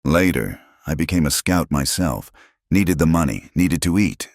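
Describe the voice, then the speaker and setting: A reserved Apache scout, voiced by a man, speaks in short, level, clipped phrases. The voice sits extremely deep. It is recorded dry and close, with no room around it. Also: animated, unhurried, no echo, exaggerated voice. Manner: terse, level, clipped sentences. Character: stoic male Apache scout, middle-aged, reserved.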